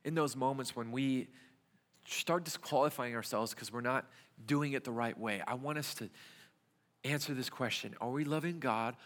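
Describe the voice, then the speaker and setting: A man's voice: mid-range voice, moderate pace, a bit bright. A young adult man, a youth pastor, preaching a conversational sermon full of rhetorical questions in a church. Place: church sanctuary. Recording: church hall reverb.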